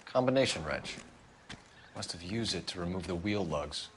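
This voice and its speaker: A clipped young cop. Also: male voice, sits low, lively intonation, moderate pace, a little hiss or hum. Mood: matter-of-fact. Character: earnest young male police detective. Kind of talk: video game dialogue.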